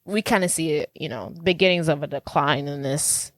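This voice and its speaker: A woman's voice: low-pitched, moderate pace, no echo. A woman co-hosting a podcast, casually chatting and laughing while recapping a film. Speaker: podcast co-host.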